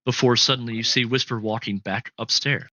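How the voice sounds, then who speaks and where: A man running a tabletop game as game master, telling the scene in a halting way with lots of fillers. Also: mid-range voice, fairly even intonation, bright, forceful tone. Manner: halting, filler-heavy storytelling.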